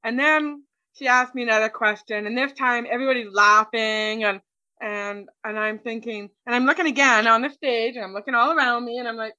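A woman interview guest chats casually through a personal story, acting out what people said to her and saying "like" a lot. Her voice is a little high, steady, brisk, pushed and bright, on a lo-fi recording with no room sound.

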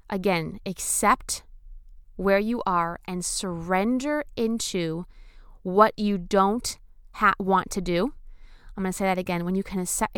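Smooth-voiced woman talking spiritual manifestation. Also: mid-range voice, no room sound, studio quality. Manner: enthusiastic, effusive, casual swearing. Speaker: spiritual vlogger. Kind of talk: casual spiritual talk to camera.

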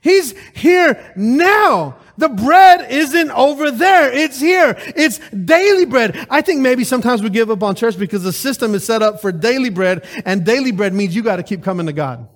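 High-voiced man preaching a sermon. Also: normal speed, hardly any pauses. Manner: lively, rhetorical, calls out to the congregation. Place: church service.

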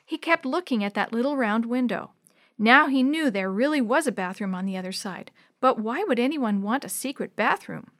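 Brief: woman narrator, children's storybook, expressive delivery, fairly high voice, dry close sound. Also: moderate pace, no room sound. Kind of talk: scripted narration of a children's book.

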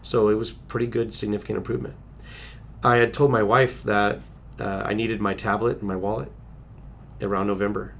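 Gravelly man telling his story. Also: on the low side, little pitch movement, brisk, fairly bright tone, slight background noise. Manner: earnest, restarts and acts out quotes. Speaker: interview guest. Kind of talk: personal storytelling.

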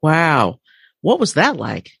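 Husky-voiced male podcast host. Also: fairly high pitch, huge pitch swings, slow, a bit bright, no room sound. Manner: agreeable, asks short questions. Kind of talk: casual interview.

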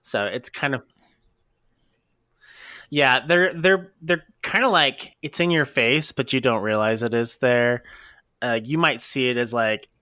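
A podcast co-host talking in a loose, rambling way, full of fillers and laughter. The voice sits at a middle pitch and is recorded close and dry. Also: unhurried, long pauses, sharp tone, no room sound. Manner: rambling, giggly, lots of fillers. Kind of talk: casual podcast chat.

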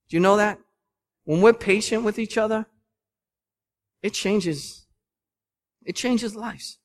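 A man in his thirties preaching a sermon as pastor in a church, earnest and emphatic, now gentle and now rising to loud bursts. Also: high-pitched, slow, long pauses. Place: church sanctuary.

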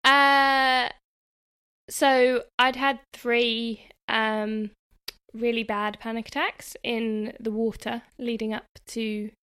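A woman co-hosting a casual podcast chat, easygoing and quick to laugh. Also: fairly high pitch, little pitch movement, sharp tone, clear, resonant tone. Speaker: podcast co-host.

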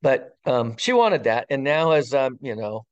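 An older man in his sixties recounts a personal experience during an interview, speaking at a middle pitch. He talks haltingly, pausing often and filling gaps with ums. His tone is earnest and full of wonder. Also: very animated, clear, resonant tone, dull audio. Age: 60s. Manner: halting, with frequent ums and pauses. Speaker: interview guest, retired fire captain. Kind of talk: personal storytelling in conversation.

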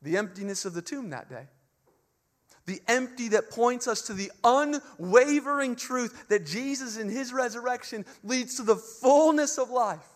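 Guy with a high voice preaching easter, earnest, drops soft then builds loud. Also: expressive, unhurried. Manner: earnest and impassioned, with emphatic repetition; swings between soft, hushed phrases and loud climaxes. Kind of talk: Easter sermon.

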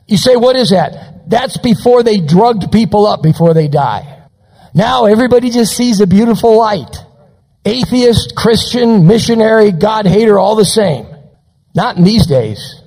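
A male pastor preaching a sermon, dramatic and slowing down for quotations. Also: high voice, lively intonation, a little mellow, big-room sound, poor audio. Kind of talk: recorded sermon on radio.

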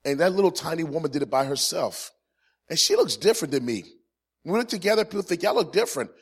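A man in his forties gives a humorous testimony from his ministry to a live crowd. His voice sits a touch higher than most men's. He is an animated storyteller who gets loud on the jokes and drops low and earnest for the serious moments. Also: fast, husky. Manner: animated storyteller, swings from loud punchlines to quiet earnest points. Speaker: Christian ministry speaker.

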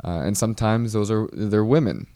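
Comedian guy with a low voice rambling thru a story, wry, restarts a lot, dry close mic. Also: normal speed, warm tone, no room sound. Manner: rambling, self-interrupting, wry. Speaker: comedian podcast host. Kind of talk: casual storytelling monologue.

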